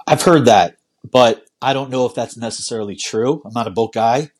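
A man hosting a casual podcast, easygoing and quick to laugh, often restarting his sentences. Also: medium pitch, breathy edge. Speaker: podcast host.

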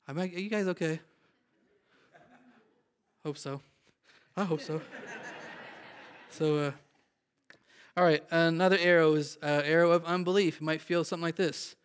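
A man preaches a sermon with a somewhat high-pitched voice. He builds emphasis and calls out to the people listening. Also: fairly even intonation, a little fast, clean tone. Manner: preaching with rising emphasis, calling out to the congregation. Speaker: pastor.

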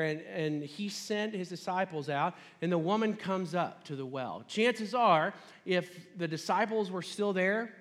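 A man's voice: medium pitch, in a large hall. A man preaching a sermon in a conversational, casual way, retelling a scripture story.

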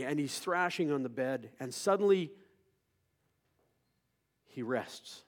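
A male pastor preaching a sermon, moving from quiet storytelling to loud, impassioned preaching. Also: mid-range voice, expressive, slow, long pauses.

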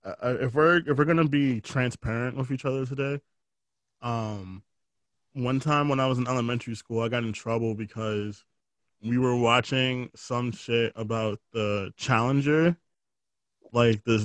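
A man's voice: medium pitch, normal speed, no echo. A man chatting casually as a podcast co-host, telling stories with jokes, swearing and lots of fillers. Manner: joking storyteller, swears freely, lots of fillers. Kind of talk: casual chat.

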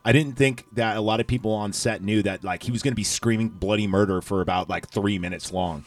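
A man's voice: on the low side, steady tone, fairly quick. A man hosting a casual movie recap chat, rambling with lots of fillers and profanity. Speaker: podcast host.

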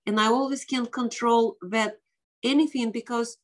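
A woman guest, a doctor, telling a dramatic personal story in casual interview talk, with non-native English grammar and lively quoted voices. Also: a little high, normal speed.

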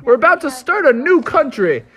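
An adult storyteller voicing a group of jolly, welcoming old-time gentlemen. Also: sits high, big pitch swings, brisk, voice pushed up.

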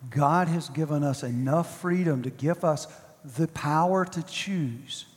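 A male pastor delivering a sermon, with emphatic repetition and slow, drawn-out stresses. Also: on the high side, big-room sound.

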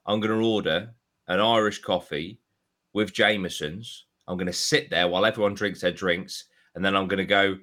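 A man, a podcast co-host, telling a story in casual chat, animated and swearing freely. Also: low voice, moderate pace.

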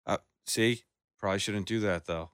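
Brief: young guy, low-pitched, relaxed rambling chat, close dry mic. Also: moderate pace, clean tone, no room sound. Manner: laid-back, rambling, swears often. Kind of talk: casual chat.

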